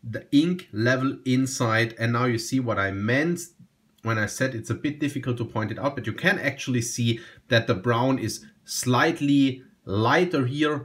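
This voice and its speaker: A man talking through a fountain pen review in a relaxed, enthusiastic way, often repeating himself and restarting phrases. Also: medium pitch. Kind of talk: casual product review.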